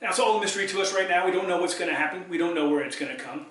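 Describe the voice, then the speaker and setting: High, bright-voiced man in an echoey room. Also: rapid-fire, distant mic. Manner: upbeat, chatty, asks viewers questions. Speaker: host. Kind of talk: solo talk show monologue. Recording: echoey room, voice a bit off mic.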